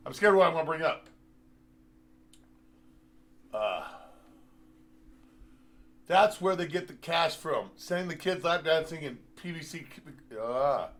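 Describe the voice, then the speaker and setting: A man with a rather high-pitched voice rants angrily, swearing often and mocking what he reads aloud. He trails off into filler sounds between outbursts, and the result is a rambling, sarcastic monologue. He speaks from indoors at a computer. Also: normal speed, pauses often, fairly bright tone, slight background noise. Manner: profane, heated, sarcastic, rambling with many fillers. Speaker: host. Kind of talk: angry political rant.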